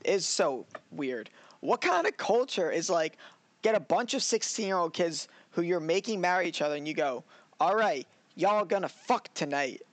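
A man's voice: sits high, big pitch swings, moderate pace, no echo. Rambling man in dry casual chat. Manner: rambling, laughs, acts out scenes. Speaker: podcast co-host. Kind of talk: casual anime review chat.

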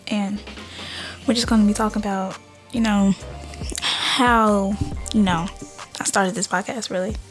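A young woman hosting her own podcast, chatting loosely with lots of fillers and restarts and often dropping into a soft whisper. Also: medium pitch. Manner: rambling, many fillers and restarts. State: out of breath. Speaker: podcast host. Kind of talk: casual solo podcast chat.

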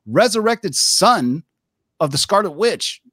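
A man's voice: high-pitched, big pitch swings, slow, bright, forceful tone, no room sound. A man hosting a casual chat about comic books, rambling loosely and correcting himself as he goes, on a dry close mic. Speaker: podcast host.

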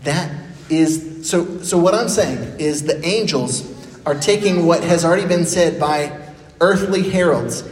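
Lively man preaching in an echoey hall. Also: on the high side, a little slow. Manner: lively, conversational preaching with playful acted quotes. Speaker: pastor. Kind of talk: sermon. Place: church sanctuary. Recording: echoey church hall with faint noise.

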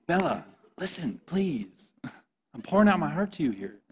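A man's voice: a little high, big pitch swings, unhurried, darkish tone, breathy edge. A man giving an earnest, impassioned sermon as a youth pastor, often speaking to his listeners as "guys.".

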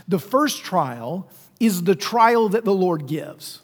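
A man preaching a sermon, praying and then telling a personal story in a relaxed way with frequent restarts. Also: high-pitched, slow pace. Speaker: pastor. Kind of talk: sermon with prayer and personal anecdote. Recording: long reverb of a large hall.

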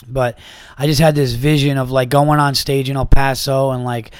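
A man hosting his own podcast, talking casually and a little hoarse from a sore throat, telling a rambling, profane story with lots of restarts. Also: medium pitch, level tone, moderate pace, dry recording, studio quality. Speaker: podcast host and comedian.

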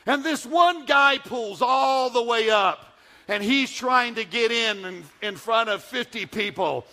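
A man preaches with a notably high, bright voice. He drops to near-hushed asides, then builds to loud, emphatic lines. He slows down to repeat his key points. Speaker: pastor. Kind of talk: sermon.

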